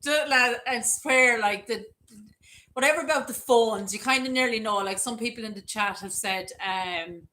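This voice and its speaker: A woman's voice: fairly high pitch, normal speed, sharp tone, low-quality recording. An Irish woman hosting a casual livestream, talking in a chatty way with lots of fillers and emphatic warnings to her viewers. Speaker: livestream host.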